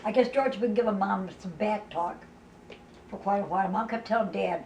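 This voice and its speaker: A woman's voice: medium pitch, a little fast, a little mellow. An older woman recounting a family memory in casual talk, earnest and emphatic with repeated lines. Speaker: sibling sharing family memories. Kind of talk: casual storytelling among family. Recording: roomy, distant mic, faint background noise.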